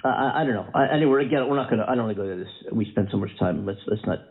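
A man co-hosting a casual chat show, full of fillers and restarts. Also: lowish voice. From Philadelphia suburbs, USA. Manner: halting, lots of fillers and restarts. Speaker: podcast co-host. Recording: tinny phone-like audio.

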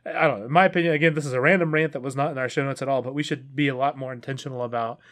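A man's voice: medium pitch, fairly even intonation, rapid-fire, fairly bright tone. A man in his early thirties co-hosting a casual podcast, rambling and correcting himself, with frequent laughs. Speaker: podcast co-host.

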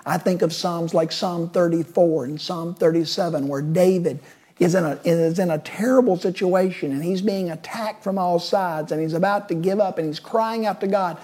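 A woman delivers a sermon in a mellow, slightly husky voice. She speaks emphatically, driving her points home with repeated phrases that build on one another. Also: on the low side, normal speed. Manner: emphatic, building repetitive lists. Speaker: preacher.

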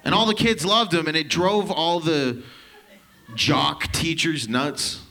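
A man in his thirties from Canada doing a stand-up set, telling profane, rambling stories with quick asides. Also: fairly high pitch, pushed and bright. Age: 30s. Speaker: stand-up comedian.

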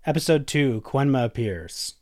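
A man's voice: mid-range voice, animated, normal speed, darkish tone, no echo, clean studio sound. A man hosting a podcast, casually recapping episodes and swearing often, jumping into characters' lines. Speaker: podcast host.

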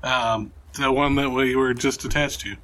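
A man playing a tabletop game, talking in a relaxed, unhurried way. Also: mid-range voice. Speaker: player.

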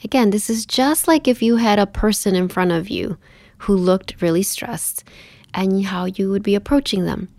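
A woman gives a calm, gentle lesson, her mid-pitched voice carrying a gravelly fry. She often sinks into a soft whisper. The recording is close and dry. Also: normal speed, no room sound. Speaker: teacher. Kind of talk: instructional talk on inner parts work.

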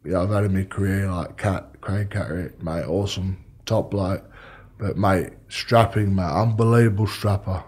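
A man's voice: deep voice, steady tone, moderate pace, darkish tone, slightly rough. A man with an Australian accent, a former rugby league player, telling rambling stories and swearing freely in casual chat.

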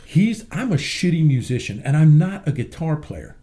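A man being interviewed as a guest, animated and swaggering, who curses freely as he tells his stories. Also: fairly high pitch, moderate pace. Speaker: guest, country rapper. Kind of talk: casual interview storytelling.

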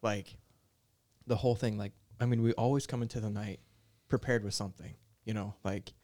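Mellow low-voiced young man. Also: fairly even intonation, a little fast. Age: young adult. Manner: soft-spoken, mellow, filler-heavy. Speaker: worship leader. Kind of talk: casual podcast chat.

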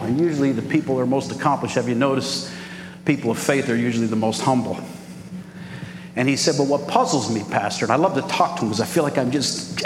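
A man, preaching an animated sermon as pastor and calling out to the congregation. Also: medium pitch. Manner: animated preaching with crowd call-outs. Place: large church hall. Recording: echoey hall with background noise.

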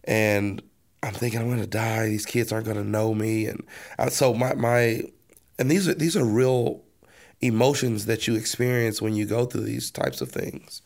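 Male pastor, interview guest; earnest testimony, low and fry-heavy, restarts and repeats words. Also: steady tone, normal speed, darkish tone. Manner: earnest storytelling, repeats words as he restarts, acts out his own past words.

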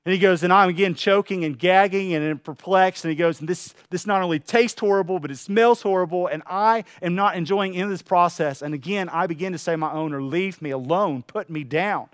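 A man preaching a sermon to a room, telling a parable with lively acted-out voices. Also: high voice, fairly quick, few pauses, clear, resonant tone, no room sound, clean studio sound. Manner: animated storytelling, acting out voices. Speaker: pastor. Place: room with an audience.

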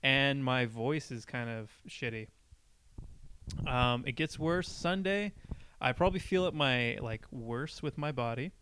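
A man's voice: medium pitch, unhurried, sharp tone, slight background noise. A young man casually telling a long personal story on a podcast, rambling and full of "like". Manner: rambling, heavy on filler "like".

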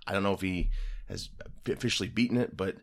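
A man's voice: deep voice, fast. A man co-hosting a podcast, chatting casually about movies, rambling and laughing often. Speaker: podcast co-host.

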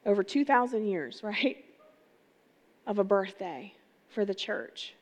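A woman's voice: mid-range voice, takes it slowly. Woman preaching in a reverberant hall. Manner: energetic, conversational, asks the crowd rhetorical questions. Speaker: pastor. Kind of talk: sermon. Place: church sanctuary. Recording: long reverb of a large hall.

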